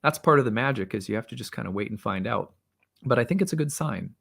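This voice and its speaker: Gravelly-voiced man telling a reflective story. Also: mid-range voice, expressive, fairly bright tone. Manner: halting, reflective. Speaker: astrologer host. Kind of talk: personal storytelling monologue.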